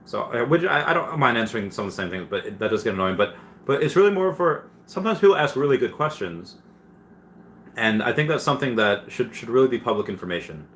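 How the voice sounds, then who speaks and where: A man's voice: mid-range voice, very animated, fast talker, a bit bright, slight background noise. A man hosting a casual livestream, reading viewer questions aloud and answering them with many fillers and restarts.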